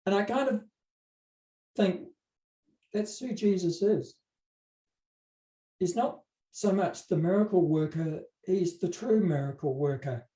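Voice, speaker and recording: A man's voice: high voice, slow pace, long pauses, mellow. Give me a man preaching a conversational sermon, telling stories with joking asides. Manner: casual storytelling with joking asides. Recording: roomy hall from a distant mic.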